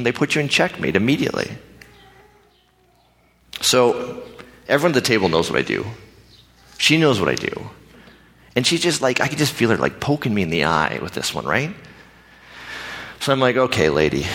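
A pastor telling a personal story in a conversational, animated way, acting out the other people's lines. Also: male voice, lowish voice. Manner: animated, conversational, acts out dialogue. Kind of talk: storytelling sermon. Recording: reverberant hall.

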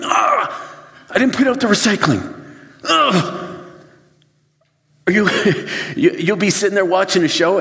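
A pastor giving a sermon, telling everyday stories with lively acted-out asides. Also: male voice, a little high. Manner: animated storytelling, acts out his own flustered inner voice. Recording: long reverb of a large hall.

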